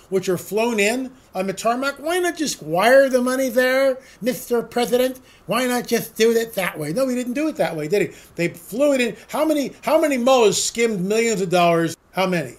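A man giving a combative, sarcastic political monologue as a talk radio host, full of rhetorical questions. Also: high voice.

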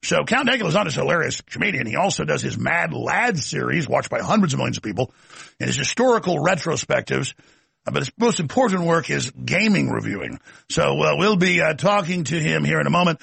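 A man's voice: fairly high pitch, expressive, fairly quick, creaky, fairly bright tone, slightly rough, dry recording. A man hosting a political commentary show, delivering a sarcastic, combative rant. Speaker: show host.

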